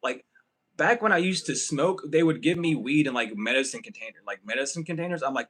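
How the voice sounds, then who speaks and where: A man's voice: mid-range voice, lively intonation, brisk, a bit bright, breathy edge, poor audio. A man giving a casual spiritual reading to camera, rambling and profane, often breaking into laughter. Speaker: tarot reader.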